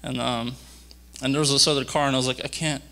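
A young man giving a rambling personal testimony at a church youth conference, halting and full of fillers and restarts. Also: medium pitch, flat delivery, pushed and bright. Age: young adult.

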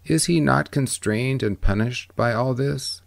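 A man reading the part of a wise old ferryman who speaks calmly, with gentle, measured questions. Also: mid-range voice, vocal fry, no room sound, voice pushed up. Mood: gently probing. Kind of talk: audiobook reading.

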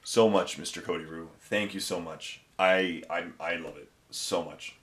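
Deep-voiced man, emotional and halting. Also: a bit bright, roomy sound. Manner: emotional, effusive and halting, with many restarts. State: close to tears. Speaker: miniature wargaming channel host. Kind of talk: casual unboxing vlog.

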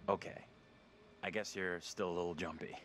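An actor playing a calm, level-headed young man in a video game. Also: deep voice, moderate pace, slight background noise. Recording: game music behind.

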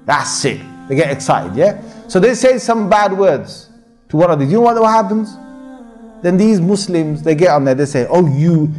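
A man delivers an informal sermon in a fairly high voice, speaking conversationally and circling back over his own phrases. He drops into Arabic recitation now and then. Faint music plays softly under the recording. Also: very animated, moderate pace. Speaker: sheikh giving a talk.

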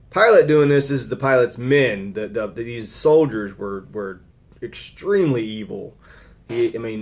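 A man giving informal commentary on a scripture reading, rambling, with frequent restarts and fillers. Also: mid-range voice. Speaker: Bible teacher.

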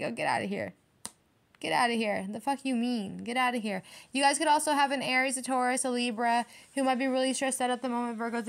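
A woman giving a casual tarot reading in a brash, emphatic way, swearing freely as she talks to her viewers. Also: fairly high pitch. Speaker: tarot reader.

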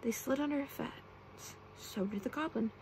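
Brief: young woman, whispered role-play storyteller, soft hushed reading, a touch high, faint hiss behind. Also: normal speed, low-quality recording. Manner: soft, often whispered reading with playful character voices. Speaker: ASMR storyteller.

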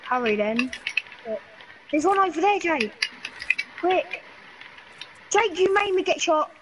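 A woman's voice: very high voice, sing-song, slow pace, noisy background. A woman playing online with friends, teasing her teammates and calling out to them in voice chat. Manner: teasing and giggly, calls out to teammates. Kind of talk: casual gameplay chat.

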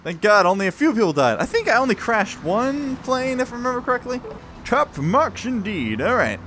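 A man giving excited, laughing commentary while playing a game, talking to the planes. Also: very high-pitched, quick pace, a little hiss or hum. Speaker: gameplay streamer.

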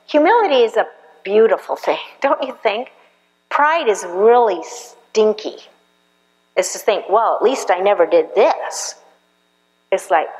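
A woman preaching a sermon in a conversational way, now and then acting out quoted voices. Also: medium pitch. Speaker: pastor. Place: church hall. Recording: long hall reverb in a church.

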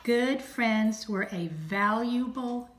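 Woman teacher, storybook read-aloud, slow and clear, roomy echo. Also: on the high side. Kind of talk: reading a storybook aloud to children.

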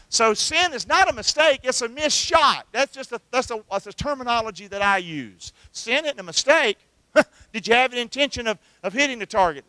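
A man's voice: extremely high pitch, bright, forceful tone, no room sound. A middle-aged man, preaching a sermon and calling out questions for the congregation to answer back. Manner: call-and-response preaching, asks the congregation to answer. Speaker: pastor.

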